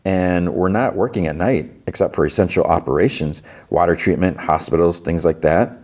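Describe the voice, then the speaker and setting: A man's voice: low-pitched, normal speed, darkish tone. Politely helpful woman, as a man puts her on. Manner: politely explanatory.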